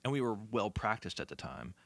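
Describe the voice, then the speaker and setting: A man's voice: fairly low pitch, sing-song, a little fast, creaky, dry recording. A man who is a guest musician, talking in a casual podcast conversation and telling stories in a reflective way. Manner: reflective, storytelling.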